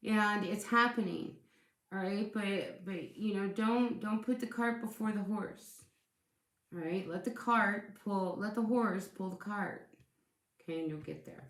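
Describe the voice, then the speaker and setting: A woman's voice: medium pitch, unhurried, a bit bright, reverberant. A woman giving a casual tarot reading, speaking in a chatty, reassuring way and often repeating herself as she restarts sentences. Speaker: tarot reader.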